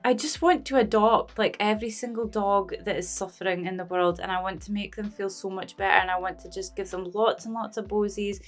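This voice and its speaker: A Scottish woman chatting casually and emotionally as a movie reaction vlogger, rambling and laughing often. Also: medium pitch.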